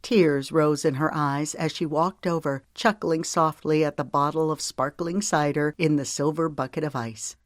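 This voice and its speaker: Gentle audiobook narrator, dry close sound. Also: mid-range voice, fairly even intonation, normal speed, hardly any pauses, dry recording. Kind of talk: scripted narration.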